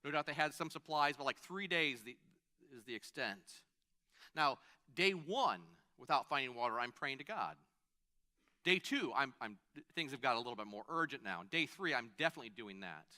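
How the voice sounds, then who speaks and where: A man's voice: mid-range voice, expressive, normal speed, pushed and bright. A man preaching a sermon in a conversational way, stopping to restart phrases and add asides. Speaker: pastor.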